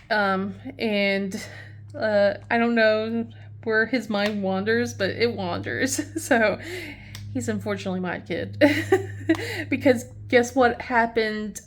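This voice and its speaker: A woman chatting casually as a craft channel host, rambling and laughing often. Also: fairly high pitch. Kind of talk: casual chat while crafting.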